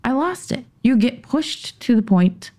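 With a fairly high-pitched, expressive, mellow voice, a woman guesting on a podcast tells a personal story conversationally. She speaks haltingly, restarting and pausing, and lowers to a tense whisper when heated.

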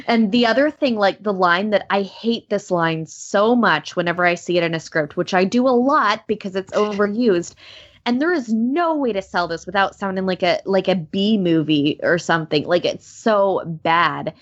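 A woman voice actor chatting casually, animated and full of fillers. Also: mid-range voice, normal speed. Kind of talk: casual podcast chat. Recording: dull lo-fi sound.

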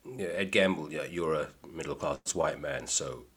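A man with an extremely deep, husky voice trades stories on a podcast. His delivery is dry and deadpan, and his jokes are played straight. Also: normal speed. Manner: deadpan, dry comic storytelling. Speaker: comedian guest. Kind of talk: casual podcast chat.

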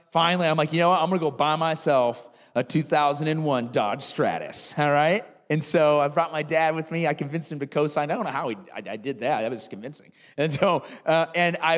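A man in his thirties, a pastor from the United States, preaching a sermon and telling animated personal stories that make him laugh. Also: a little high, in a large hall. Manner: storytelling, animated, laughs at own anecdotes.

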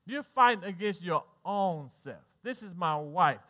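High, bright Southern preacher man. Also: lively intonation, unhurried. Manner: preaching with swings between soft low lines and loud high exhortation; folksy, jokes with the congregation. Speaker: pastor. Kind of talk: sermon.

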